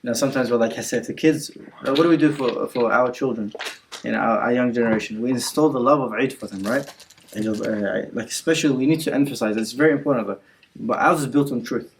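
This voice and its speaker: A man in his natural register leads a relaxed religious lesson indoors. He retells the story in a loose, conversational way, full of fillers and restarts, and mixes Arabic words into his talk. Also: medium pitch, fast talker, slight background noise, poor audio. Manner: retells scenes with quotes and frequent fillers; code-switches with Arabic words. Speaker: religious class teacher. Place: indoor community centre class.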